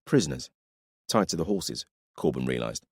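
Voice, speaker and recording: Deep male narrator, highly animated reading, dry close sound. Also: normal speed, slightly rough, dry recording. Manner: expressive storytelling. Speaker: audiobook narrator. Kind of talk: scripted narration.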